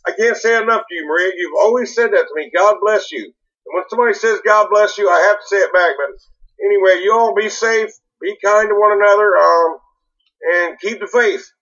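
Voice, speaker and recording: High, bright-voiced rambling man. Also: a little fast, highs cut off. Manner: rambling, repeats himself, stumbles over words. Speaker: livestream host reading viewer comments. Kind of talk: casual political livestream talk.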